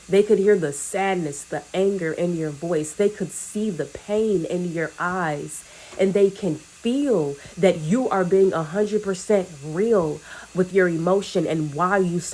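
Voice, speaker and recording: A woman with a lowish, husky voice speaks straight to her listeners as a spiritual reader. She talks earnestly and circles back through rhetorical questions. Her message unfolds as a steady monologue.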